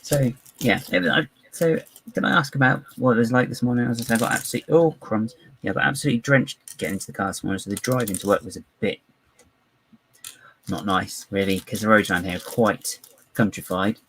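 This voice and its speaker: A man's voice: mid-range voice, fast talker, creaky, fairly bright tone, slight background noise, rough recording. A man chatting live while building, rambling, giggly and self-mocking. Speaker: live-streaming LEGO builder.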